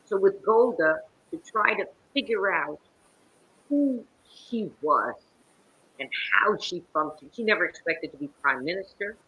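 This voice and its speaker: Brief: woman, bright husky voice, theatrical storyteller, video call interview. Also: on the low side, animated, measured pace, low-quality recording. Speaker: guest actress. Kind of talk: interview conversation.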